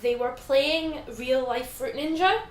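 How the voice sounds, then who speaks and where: A woman's voice: sits high, a little slow, roomy sound, a little hiss or hum, rough recording. A young Scottish woman co-hosting a podcast, chatting casually with many hesitant fillers. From Scotland. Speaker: podcast co-host. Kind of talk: casual chat.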